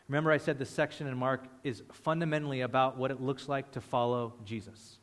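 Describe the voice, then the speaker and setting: A man's voice: mid-range voice, fairly even intonation, brisk, few pauses, in a large hall. A man preaching a sermon with passion, acting out the voices of people praying. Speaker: pastor.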